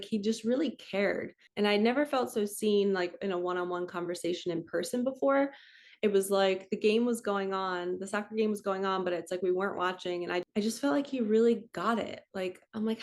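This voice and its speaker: A woman in her forties, a spiritual coach, talking gently and reflectively to her viewers in a casual, chatty way. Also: mid-range voice. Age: 40s.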